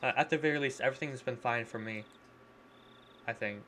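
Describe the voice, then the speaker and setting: This is a concerned, well-mannered teenage girl from a visual novel, read aloud by a man. She pleads gently and earnestly. The pitch sits in an ordinary middle range over a faint background hiss. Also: a little fast, close to an everyday voice. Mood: worried. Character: polite, worried teenage girl.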